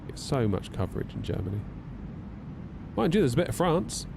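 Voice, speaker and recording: A man's voice: fairly high pitch, sing-song, brisk, vocal fry, background noise. A man chatting casually on a flight sim live stream, wry and a little tired, reading out chat messages as he goes. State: yawning, tired.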